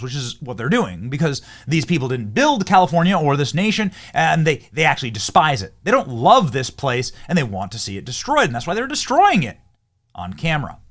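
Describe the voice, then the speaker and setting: A man hosting political commentary over clips, heated and emphatic, swinging between loud and low. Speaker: political commentary channel host.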